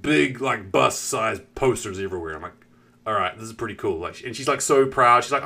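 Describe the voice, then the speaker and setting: A man's voice: on the low side, lively intonation, a little fast, vocal fry, sharp tone. A man streaming and chatting casually, rambling with lots of fillers and swearing while acting out what people said. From New Zealand. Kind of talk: casual chat.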